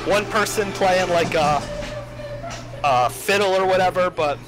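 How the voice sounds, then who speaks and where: A man narrating a tabletop game as game master, animated and quick to laugh. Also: high voice, music in the background, low-quality recording.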